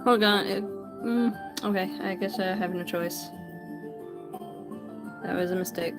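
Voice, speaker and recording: A woman's voice: medium pitch, fairly even intonation, unhurried, loud music behind the voice. A woman chatting casually with viewers while drawing on a livestream, greeting people by name and often stumbling and correcting herself. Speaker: livestreaming artist.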